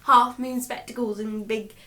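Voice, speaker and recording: A young woman co-hosting a book vlog, chatting in an animated, giggly way with lots of "like". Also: fairly high pitch, measured pace, slight background noise. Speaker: book vlogger co-host. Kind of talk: casual chat.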